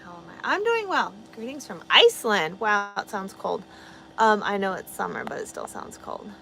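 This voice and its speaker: A woman's voice: mid-range voice, lively intonation, moderate pace, gravelly, a bit bright, rough recording. A woman chatting casually on a live stream, rambling with lots of fillers, swearing freely and amused by her own jokes. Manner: profane, rambling, self-amused, many fillers. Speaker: vlogger chatting with live viewers.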